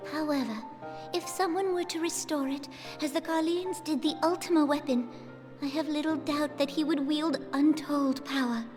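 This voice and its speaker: An actress playing a stately, sharp-tongued female official in a game cutscene, speaking in formal, cool and precise language. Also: high-pitched, close to an everyday voice. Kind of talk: video game cutscene voice acting.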